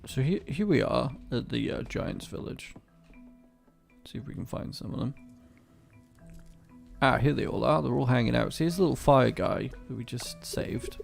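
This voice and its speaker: Sweary, chatty gravelly game streamer. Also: male voice, medium pitch, animated, moderate pace, long pauses, soft background music. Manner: chatty, sweary, ranting asides. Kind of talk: casual gameplay commentary.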